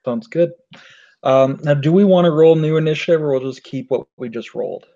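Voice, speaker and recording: A man who is game master, narrating a tabletop game in a relaxed way, with plenty of fillers. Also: on the high side, fairly quick. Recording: dull lo-fi recording.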